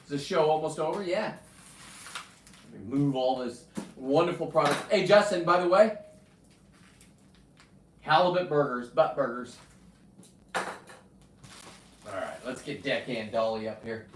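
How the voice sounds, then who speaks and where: A man's voice: mid-range voice, a little slow, long pauses, distant mic, a little hiss or hum. Brash, profane man on a livestream. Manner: brash, profane, talks to his dog. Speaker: livestream host. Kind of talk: rambling livestream chat. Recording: echoey room, off-mic.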